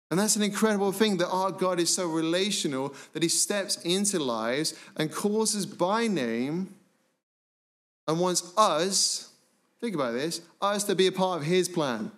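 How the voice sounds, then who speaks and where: Male pastor, sermon delivery, slightly high voice, emphatic, slows and drops low on key words. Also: a bit bright. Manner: slows down to stress phrases.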